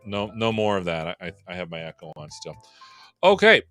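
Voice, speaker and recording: A man's voice: low-pitched, big pitch swings, brisk, a bit bright, faint music behind. A man hosting a live tech stream, chatting and joking about himself, his voice run through a vocal processor. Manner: joking, self-deprecating, chatty. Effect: vocal processor echo. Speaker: host. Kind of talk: casual livestream banter.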